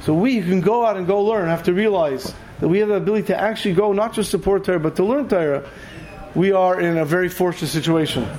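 A man teaching a Torah class who tells animated stories and acts out the characters. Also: high voice, rough recording. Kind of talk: storytelling lecture.

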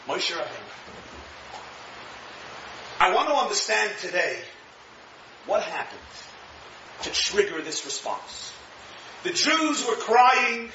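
Bright-voiced rabbi in an echoey room. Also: male voice, sits high, a little slow, pauses often, a little hiss or hum. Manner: animated, acts out quotes, chuckles at own jokes. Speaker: rabbi teaching Torah. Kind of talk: lively Torah lecture. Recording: echoey room, distant mic, dull sound.

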